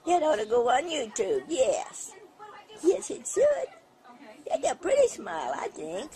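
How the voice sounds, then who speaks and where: High-voiced woman chatting while filming. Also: huge pitch swings, a little slow, mellow. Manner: amused, chatty. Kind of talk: casual chat filming a pet.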